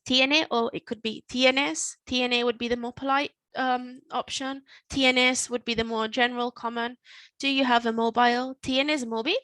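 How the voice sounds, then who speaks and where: A woman's voice: fairly high pitch, level tone, sharp tone, no room sound. Patient woman teaching Spanish phrases. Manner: patient, explains step by step, repeats words slowly. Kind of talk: online language lesson. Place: in Spain.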